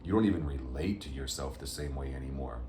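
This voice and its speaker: A man's voice: a bass voice, brisk, roomy sound, noisy background. A man giving a casual, upbeat tarot reading to his viewers, full of motivational pep talk. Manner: upbeat, motivational, addresses viewers as fam and gang. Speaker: tarot reader.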